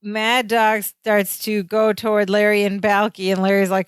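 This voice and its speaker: A woman's voice: medium pitch, little pitch movement, moderate pace, clean tone, no room sound, studio quality. A woman co-hosting a podcast, chatting casually and animatedly as she recaps a sitcom episode and acts out the lines. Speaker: podcast co-host.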